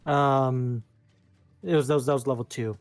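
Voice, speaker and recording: A man's voice: medium pitch, steady tone, moderate pace, dry recording. A man playing a tabletop game, wry and self-deprecating, thinking aloud with many hesitations. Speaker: player. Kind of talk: casual tabletop play.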